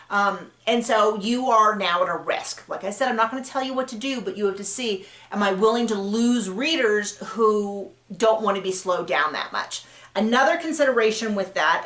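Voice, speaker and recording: A woman's voice: mid-range voice, fairly bright tone. A woman author giving casual writing advice, chatty and full of fillers and self-corrections. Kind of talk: casual advice talk to camera. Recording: roomy echo.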